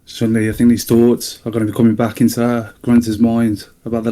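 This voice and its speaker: A man at a tabletop game, casually talking through his character's next move. His voice sounds dark and mellow, with little rise and fall. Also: mid-range voice, completely flat delivery, fairly quick. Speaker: player.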